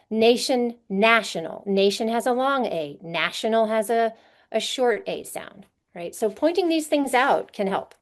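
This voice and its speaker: This is a conference teaching session: a woman with a medium-pitched, darkish voice presents a literacy workshop to teachers. Her explanations are patient, and she frequently checks in with rhetorical questions.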